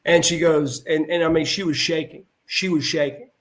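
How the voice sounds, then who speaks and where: A middle-aged man telling stories as a podcast guest, his voice sitting a little higher than most men's. He rambles warmly through anecdotes, stumbling and restarting, then leans into the retold dialogue with animated energy. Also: moderate pace. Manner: animated, heartfelt delivery. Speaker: guest, former pro wrestler. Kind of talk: casual storytelling in a podcast interview.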